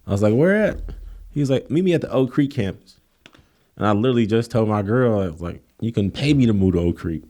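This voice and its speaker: A man with a fairly low, dark and mellow voice tells stories in a relaxed interview. He acts out the people in his stories, jumping higher and louder for their lines. Easygoing and animated. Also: quick pace. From Kenosha, Wisconsin. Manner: animated storytelling, acts out quotes in a raised voice. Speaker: guest, college coach. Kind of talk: casual storytelling interview.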